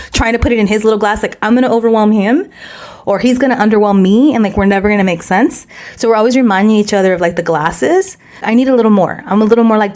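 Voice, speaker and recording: A woman co-hosting a podcast in casual chat, telling stories with lively acted-out quotes and dropping Spanish phrases into her English. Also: medium pitch. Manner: fast, animated storytelling, mixing Spanish phrases into English; acts out quoted dialogue in a raised voice. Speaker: podcast co-host.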